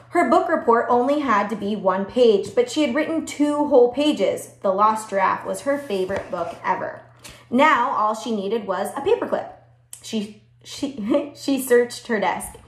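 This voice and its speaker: A woman reading a children's book aloud to a class, adding chatty asides and laughing at the text. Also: mid-range voice. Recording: echoey room.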